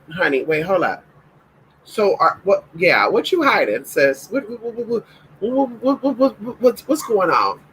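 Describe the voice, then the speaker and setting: Man, sassy profane home vlog chat, high bright voice, lively swooping delivery. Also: slight background noise, low-quality recording. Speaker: vlogger. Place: at home with pet dogs.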